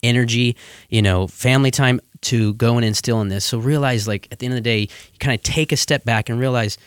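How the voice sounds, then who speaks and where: A man speaking as a guest in a casual chat, earnest and relaxed, with many "you know" fillers. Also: mid-range voice, brisk, smooth, no echo, clean studio sound.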